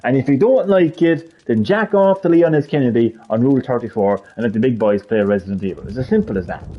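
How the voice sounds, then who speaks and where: A man's voice: mid-range voice, lively intonation, fast talker, dull audio. A man live streaming a heated gaming rant, swearing a lot and repeating his points with emphasis.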